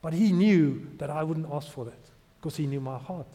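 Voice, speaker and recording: A man in his thirties delivers a heartfelt sermon testimony, his slightly high voice swelling into loud emphasis. The sound carries a long reverb from a big hall. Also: normal speed. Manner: emotional storytelling, rising to loud emphasis. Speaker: preacher.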